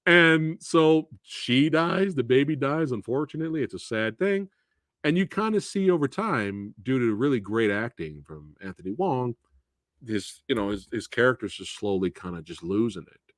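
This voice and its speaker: A man hosting a casual live film review, animated, profane and laughing often. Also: mid-range voice, normal speed, no room sound, studio quality. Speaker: movie reviewer and host.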